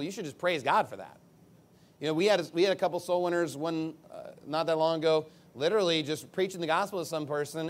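A man preaching a sermon in an emphatic, conversational way, acting out quick asides. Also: on the high side. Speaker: pastor.

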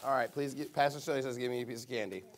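A man's voice: mid-range voice, very fast. A man preaching a sermon as pastor, playing a call-and-response game with children and talking playfully to the congregation. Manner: lively, playful with kids, calls out to the crowd.

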